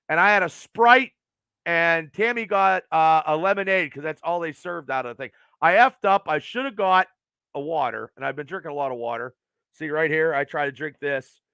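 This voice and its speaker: A man's voice: a little high, gravelly, bright, forceful tone, smooth, dry recording. A man in his early fifties hosting a podcast, ranting casually and profanely in a rambling way. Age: 50s. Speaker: podcast host.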